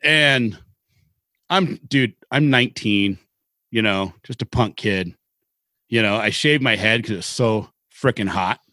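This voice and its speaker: A middle-aged man from Seattle co-hosting a podcast, telling rambling, animated stories in casual chat with some swearing. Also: lowish voice, a little slow, dry recording. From Seattle, Washington. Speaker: podcast co-host.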